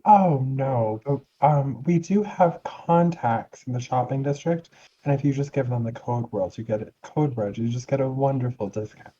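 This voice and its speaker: A man playing a fawning, sweet-voiced guild lady who drawls and gushes over everyone. The voice is very dark and mellow with a husky edge, heard through dull, lo-fi online-call audio. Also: mid-range voice, lightly acted. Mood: sweetly eager. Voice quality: fawning and chatty, drawn-out syrupy phrasing. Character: gushing, sweet-talking female guild member.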